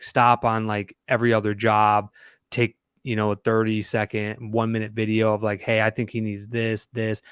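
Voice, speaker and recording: A man's voice: fairly low pitch, clean tone, no echo, studio quality. A man coaching a small business owner, direct and challenging, speaking from his own experience. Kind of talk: coaching conversation.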